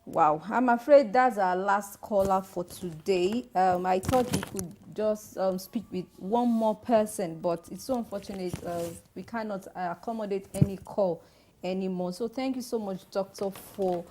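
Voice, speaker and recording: A Nigerian woman hosts a radio call-in show and reads out announcements in a brisk manner. Her voice sits at a middle pitch. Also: noisy background. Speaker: radio host.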